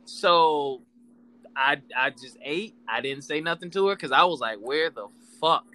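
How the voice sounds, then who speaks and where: Bright-voiced man in candid casual talk. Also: on the high side, unhurried. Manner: candid, profane, storytelling with laughs.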